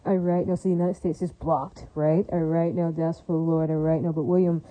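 A woman's voice: low voice, flat delivery, fairly quick, dark tone, no room sound, highs cut off. A woman speaking in a rambling, repetitive monologue, full of fillers and religious exclamations. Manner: repetitive, emphatic, filler-heavy. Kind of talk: rambling direct-to-camera monologue.

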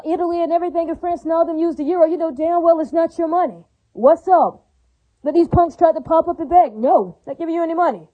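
Tinny-sounding fast-talking woman ranting. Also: extremely high pitch. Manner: repetitive, rambling, with constant tag questions; agitated, profane. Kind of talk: rambling monologue rant. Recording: tinny phone-like audio.

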